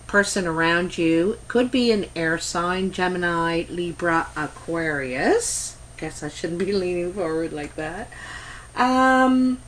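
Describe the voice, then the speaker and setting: A woman's voice: on the low side, a bit bright, poor audio. A Canadian woman giving a casual tarot reading to camera, chatty and meandering, with many ums and asides. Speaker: tarot reader.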